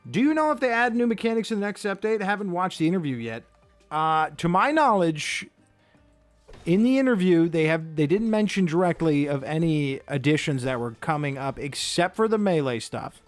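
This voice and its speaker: Guy chatting through his game run, kinda high voice, jumps around a lot, talks himself down for laughs. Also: animated, normal speed, soft background music. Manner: chatty, self-mocking, reacts aloud to gameplay. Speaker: gaming video creator. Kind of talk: let's play commentary.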